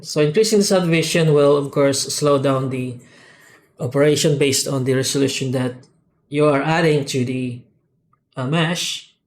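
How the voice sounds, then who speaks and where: A man walking through updates to his own software add-ons in an unscripted screen tutorial, talking methodically and pausing often with fillers and restarts. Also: mid-range voice. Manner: halting, unscripted, with frequent "uh" and "um" pauses and restarts; methodical, explanatory walkthrough. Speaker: software tool developer demonstrating add-ons.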